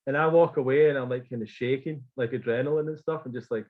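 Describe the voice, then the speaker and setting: A man's voice: medium pitch, fast talker, phone-quality sound. A man telling a story in casual chat, acting out quotes and swearing freely. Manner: animated, swearing, acts out quotes. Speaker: podcast guest.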